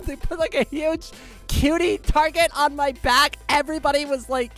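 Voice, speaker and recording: A woman chatting casually on a live stream, excitable and giggly, saying "like" a lot. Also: high voice, normal speed, soft background music.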